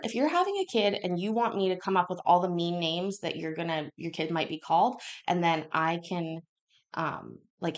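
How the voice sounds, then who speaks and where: A woman hosting a casual chat with viewers, rambling and acting out the quotes in her stories. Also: lowish voice. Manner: rambling, chatty, acts out quotes. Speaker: channel host. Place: home kitchen.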